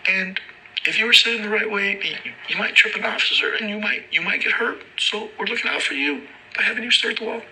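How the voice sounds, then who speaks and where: A man putting on a high, sing-song voice to mock a police officer who falsely claims to care. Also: fast, sharp tone, a little hiss or hum, exaggerated voice, low-quality recording. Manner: shrill, sing-song, sarcastic. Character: mocking high-voiced male cop, falsely caring.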